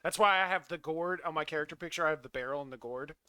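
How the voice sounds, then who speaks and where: A man's voice: on the high side, fast talker, sharp tone, clear, resonant tone, dry recording, clean studio sound. A man chatting casually as a player, eager and laughing often. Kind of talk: casual chat.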